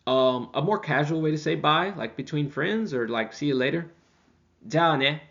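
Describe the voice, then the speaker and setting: A man teaching a beginner language class in a relaxed, chatty way. He slows down and repeats example phrases for the students. The recording sounds dull and lo-fi. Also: on the high side, vocal fry.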